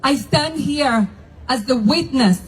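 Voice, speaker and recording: A woman's voice: sits high, slow, low-quality recording. A woman from Argentina, a religious leader giving a fiery, declamatory protest speech at an outdoor rally, hammering repeated refrains.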